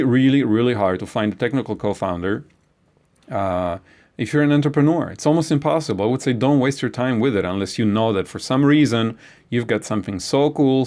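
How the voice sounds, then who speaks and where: A man giving an informal lecture, blunt and animated, with frequent hesitations and some swearing. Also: on the low side.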